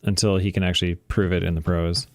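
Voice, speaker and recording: A man co-hosting a podcast, chatting about sports in a relaxed, agreeable way. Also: deep voice, fast talker, dry recording, studio quality. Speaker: podcast co-host. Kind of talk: casual sports chat.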